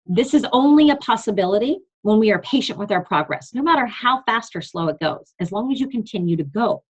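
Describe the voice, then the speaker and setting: A woman's voice: medium pitch, lively intonation, fairly quick, breathy edge, rough recording. A young adult woman coach giving an earnest, emphatic motivational talk on a team call, reading from her notes. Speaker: fitness business coach leading a team call.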